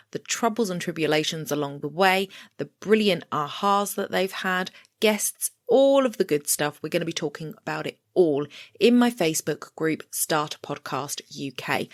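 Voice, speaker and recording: A woman's voice: low voice, no room sound, studio quality. A woman with an English accent hosting a podcast, chatty and enthusiastic in casual interview talk. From England. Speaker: podcast host.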